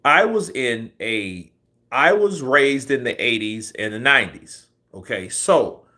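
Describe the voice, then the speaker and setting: A man's voice: medium pitch, animated, a little slow, pushed and bright. A man in his forties, a boxing commentary host, telling a rambling, profanity-laced story in a casual way.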